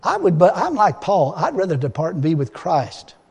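A man's voice: high voice, huge pitch swings, moderate pace, vocal fry, darkish tone, slightly rough, long reverb tail. A man preaching a sermon in an emphatic, folksy way, often restarting his phrases.

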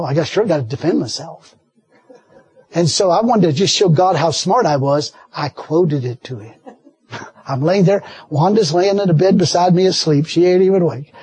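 A man preaching a sermon with folksy, animated storytelling and frequent laughter. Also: a little high, breathy edge, no echo.

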